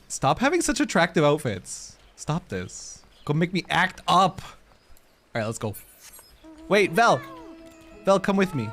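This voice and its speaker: A man's voice: on the high side, a bit bright. A man streaming a game, chatting casually with his viewers, laughing often and swearing freely. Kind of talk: casual live-stream chat while gaming.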